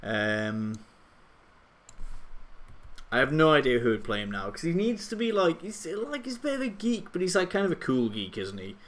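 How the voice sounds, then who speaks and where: A man's voice: on the high side, huge pitch swings, moderate pace, long pauses, fairly bright tone. A man chatting casually on a live stream, rambling and mocking himself, often trailing off.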